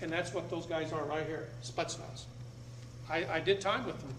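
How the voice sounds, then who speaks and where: With a slightly high voice at a moderate pace, a middle-aged man speaks live to an audience seated in a meeting room. He comes across as blunt and emphatic, repeating himself to press his points. The recording has room echo and a little background noise.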